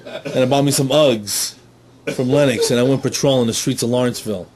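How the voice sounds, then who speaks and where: A middle-aged man telling a stand-up comedy story, animated, slipping in silly character voices. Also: mid-range voice, brisk, crowd noise.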